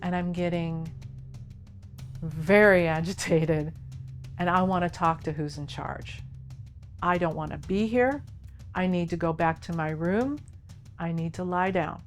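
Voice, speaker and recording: A woman with a fairly low voice tells her own story in an unhurried, deliberate way, walking through each moment in the present tense. Soft music plays faintly behind her. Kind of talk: recounted personal narrative.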